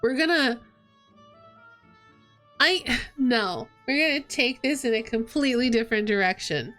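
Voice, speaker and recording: A woman's voice: on the high side, unhurried, fairly bright tone, faint music behind. A woman streaming a game, chatting and laughing at herself as she reads. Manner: chatty, self-mocking, laughing. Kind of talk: reading a visual novel aloud on stream.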